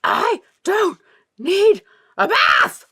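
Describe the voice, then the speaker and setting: A woman's voice: very high voice, big pitch swings, very slow, sharp tone, dry recording, studio quality, pitched above the performer's own voice, full character voice. A woman voicing a filthy little Viking girl who screams and squeals at being bathed. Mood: shrieking. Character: filthy shrieking Viking girl hating baths.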